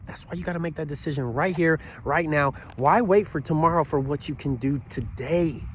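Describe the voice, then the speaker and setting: A man in his thirties with a fairly high voice gives a preachy, earnest motivational talk to camera. He keeps asking "you know what?" and swings from loud bursts down to quiet, low passages. A faint vehicle hum runs underneath. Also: fairly quick. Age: 30s. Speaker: motivational speaker.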